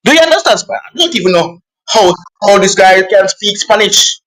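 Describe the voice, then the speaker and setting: Man, exasperated fan ranting, swooping lively pitch, non-native phrasing, casual chat. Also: fairly quick, poor audio. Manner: animated, exasperated rants with non-native grammar.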